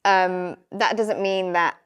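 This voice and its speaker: A woman's voice: on the low side, takes it slowly, smooth. A young woman, a podcast guest chatting casually and acting out little exchanges as she tells stories. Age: young adult. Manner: animated storyteller who acts out quoted exchanges. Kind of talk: casual chat.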